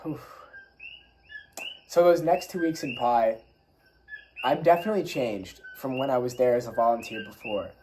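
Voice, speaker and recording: A young man telling a casual, animated travel story, full of swearing and spiritual talk. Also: mid-range voice, moderate pace, long pauses, a little hiss or hum, low-quality recording. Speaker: travel vlogger.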